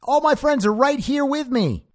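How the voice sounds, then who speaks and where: A man putting on the voice of a naive, cheerful young man stuck at a gate, shouting excitedly. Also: very high-pitched, normal speed, voice pushed up.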